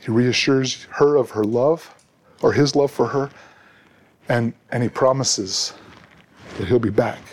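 A man's voice: mid-range voice, unhurried, pauses often. A middle-aged man preaching a sermon as a pastor, earnest and often repeating words as he restarts.

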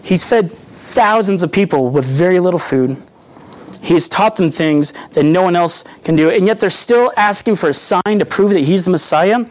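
A man's voice: high voice, moderate pace. A young adult man giving a sermon in an earnest, conversational teaching manner, acting out quotes as he goes. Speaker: preacher.

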